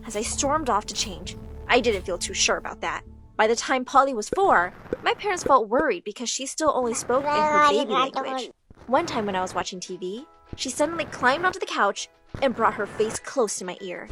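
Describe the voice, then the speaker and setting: High, lively young woman storyteller. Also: moderate pace, over music. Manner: dramatic, expressive. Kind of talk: first-person storytime narration.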